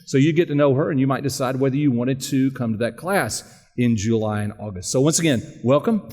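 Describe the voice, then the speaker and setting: A man serving as pastor, relaxed and halting, introducing and interviewing a guest during a church service. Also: mid-range voice. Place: large church sanctuary. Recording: long church reverb.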